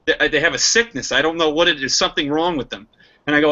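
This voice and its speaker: A young man argues with heat and restless energy, his voice sharp and ringing. He stumbles and restarts as he pushes his point. The sound is dull and muffled. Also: on the high side, quick pace. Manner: animated, heated, many restarts. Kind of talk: casual political discussion. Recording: muffled lo-fi recording.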